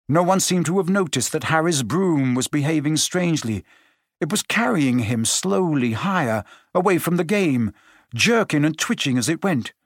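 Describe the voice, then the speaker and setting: A man narrating a story aloud, expressive and changing his pace as he reads. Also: fairly high pitch, normal speed, dry recording, clean studio sound. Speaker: audiobook narrator. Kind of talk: scripted narration.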